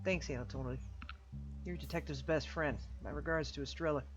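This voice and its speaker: A man's voice: on the high side, brisk, dull audio, lightly acted. A man playing a dry raccoon detective. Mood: terse. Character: hard-boiled male raccoon private eye.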